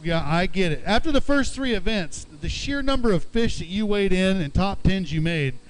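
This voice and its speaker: A man's voice: sits high, expressive, moderate pace, slight background noise, rough recording. A man emceeing an outdoor fishing weigh-in, announcing weights and chatting chummily with each angler. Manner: upbeat, chummy, calls anglers bud. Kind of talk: live announcing with banter.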